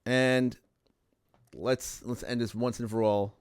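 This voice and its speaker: A man hosting a casual livestream podcast, talking loudly and with animation and often repeating himself while he chats with viewers. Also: mid-range voice, fairly even intonation, takes it slowly, clean tone. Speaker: podcast host.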